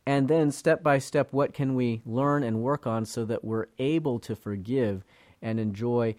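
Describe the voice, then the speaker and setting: Male Bible program host, mid pitch, earnest conversational teaching, dry close mic. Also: fairly even intonation, measured pace, darkish tone, dry recording. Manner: earnest, conversational, frequent fillers and restarts.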